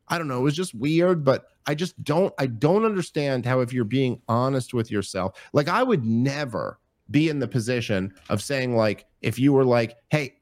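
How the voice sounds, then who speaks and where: A man talking as a podcast guest in casual chat, animated, profane and rambling. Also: medium pitch, dry recording.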